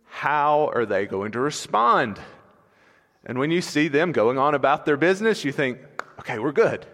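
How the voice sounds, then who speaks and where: High-voiced preacher in a reverberant hall. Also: male voice, animated, moderate pace, fairly bright tone. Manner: conversational storytelling with acted asides. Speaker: pastor. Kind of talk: expository sermon. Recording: long reverb in a large hall.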